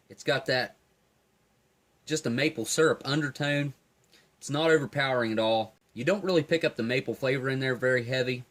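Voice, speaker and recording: Man, mid-pitch voice, easygoing food reviewer tasting and describing flavors with enthusiasm. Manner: relaxed, enthusiastic tasting commentary.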